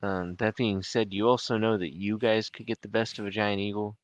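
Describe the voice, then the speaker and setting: A man's voice: on the low side, little pitch movement, fairly quick, dry recording, dull audio. A man narrating as game master of a tabletop game, rambling and restarting his sentences.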